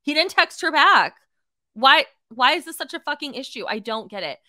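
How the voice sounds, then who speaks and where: A young adult woman hosting a casual solo podcast, talking in an animated way with lots of fillers and swearing, and acting out quotes in shifting voices. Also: high-pitched, moderate pace, dry recording, clean studio sound. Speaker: podcast host.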